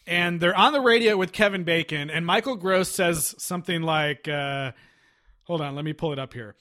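A man's voice: on the high side, normal speed, bright, forceful tone. A man hosting a casual movie chat who laughs often and retells scenes with energy.

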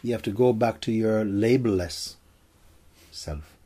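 Casting: deep, warm-toned man as a spiritual teacher, soft and gentle. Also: a little slow, breathy edge. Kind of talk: spiritual Q&A talk.

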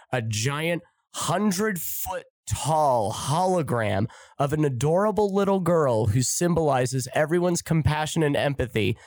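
A man's voice: mid-range voice, darkish tone, dry recording. Flippant, sarcastic male podcast host. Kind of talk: comedic monologue.

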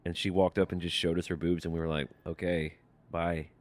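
A man's voice: sits low, flat delivery, very fast, dry recording. A man co-hosting a casual comedy chat, dropping dry, absurd asides. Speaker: podcast co-host.

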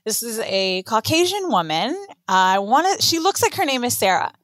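Brief: high-pitched woman co-host, blunt and profane, dry close sound. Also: moderate pace, no room sound. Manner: blunt, profane, animated storyteller who mimics people. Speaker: podcast co-host. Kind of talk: casual chat. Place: New York.

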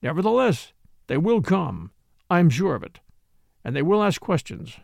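A man voicing a suave, scheming middle-aged French count who speaks smoothly and dryly. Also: fairly high pitch, big pitch swings, normal speed, no room sound. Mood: smooth, calculating.

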